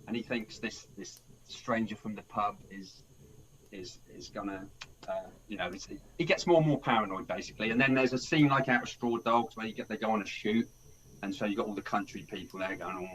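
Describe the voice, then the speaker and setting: A man's voice: on the low side, a little fast, fairly bright tone, poor audio. Brief: male podcast host, rambling film recap, faint hiss behind. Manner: rambling, restarts a lot, acts out characters' lines. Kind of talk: casual film review chat.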